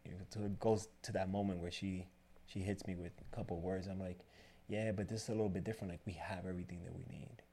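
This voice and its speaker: Low gravelly man telling a story. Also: fast talker, slight background noise. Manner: rambling, animated retelling with quoted dialogue. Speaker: barbershop owner, guest. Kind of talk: casual storytelling interview.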